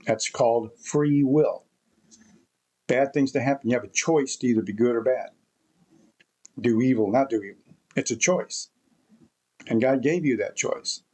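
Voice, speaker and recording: A man's voice: medium pitch, unhurried, pauses often, a little mellow. Rambling, emphatic man talking to camera. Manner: rambling, emphatic, repeats himself. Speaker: vlogger. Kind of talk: casual opinion monologue.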